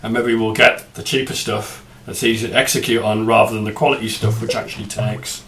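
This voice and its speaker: A man's voice: lowish voice, flat delivery, brisk, fairly bright tone, slight background noise. A man hosting a podcast, chatting casually and cracking self-mocking jokes. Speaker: podcast host.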